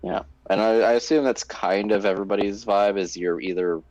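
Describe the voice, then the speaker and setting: A man narrating as game master for a tabletop game, halting and full of fillers and restarts. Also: lowish voice, steady tone, darkish tone, dry recording, lo-fi sound.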